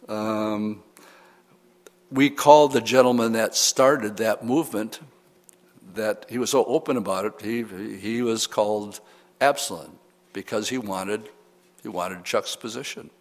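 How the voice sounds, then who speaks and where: A man's voice: lowish voice, unhurried, long pauses. An older man preaching an expository sermon as pastor, talking conversationally with light humorous asides. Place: church sanctuary. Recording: reverberant church hall.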